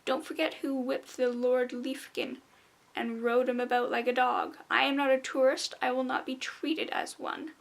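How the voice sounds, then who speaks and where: A woman's voice: sits high, little pitch movement, moderate pace, creaky. A woman voicing a proud, pompous male wind spirit who speaks indignantly and defensively.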